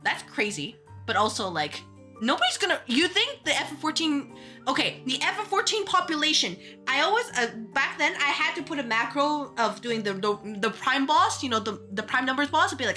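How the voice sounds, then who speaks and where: A woman streamer chatting casually while playing a game, ranting in an animated way with quick asides and restarts. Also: high-pitched, faint music behind. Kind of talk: casual gaming stream chat.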